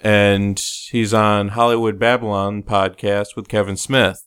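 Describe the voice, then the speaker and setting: Smooth-voiced man, lively movie chat. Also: lowish voice, unhurried. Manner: animated storytelling, acts out quotes. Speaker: podcast co-host. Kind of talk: casual movie-review chat.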